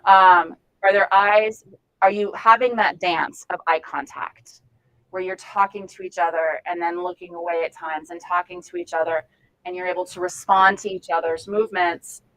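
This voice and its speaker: A woman leading an informal volunteer training session, talking frankly with lively asides. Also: fairly low pitch, moderate pace, low-quality recording. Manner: frank, animated, chatty with asides and laughs.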